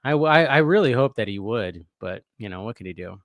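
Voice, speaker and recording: A man's voice: mid-range voice, lively intonation, brisk, no room sound. Rambling male live-stream host, dry sound. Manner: rambling, restarts often, reads chat aloud. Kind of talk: casual live-stream chat.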